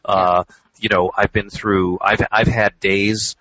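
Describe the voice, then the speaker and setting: A man talking in a measured, reflective and candid way as a regular on a radio show. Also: lowish voice, level tone, pushed and bright, no room sound. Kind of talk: casual radio talk. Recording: dull, dry radio sound.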